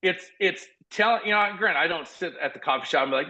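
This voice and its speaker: A man in his forties from South Dakota, a podcast guest telling stories in an energetic, earnest, rambling way full of restarts. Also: a little high, quick pace, poor audio. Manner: earnest, motivational. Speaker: podcast guest, former college football walk-on. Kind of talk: casual conversational storytelling.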